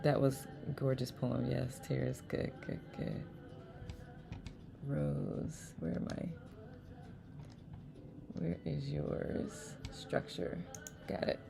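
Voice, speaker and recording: A woman's voice: a bass voice, fairly even intonation, very slow, gravelly, long pauses, music in the background. A woman hosting a live online chat, reading viewers' messages aloud and laughing often. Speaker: host.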